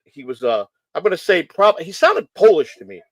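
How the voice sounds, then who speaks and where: A man's voice: high voice, normal speed, dry recording, rough recording. Profane, ranting male stream host. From Chicago, United States. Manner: profane, blunt, animated ranting. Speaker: livestream host. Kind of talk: casual storytelling.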